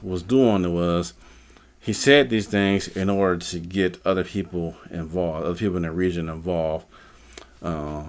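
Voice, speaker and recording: A man hosting a live stream, talking casually and rambling, with many fillers and repeated words. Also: sits low. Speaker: live stream host, postal worker.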